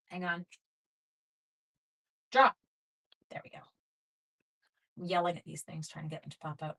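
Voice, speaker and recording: This rough recording features a medium-pitched woman in her forties running a crafting livestream, apparently from her home craft room. She keeps up upbeat, casual chatter with the people watching live.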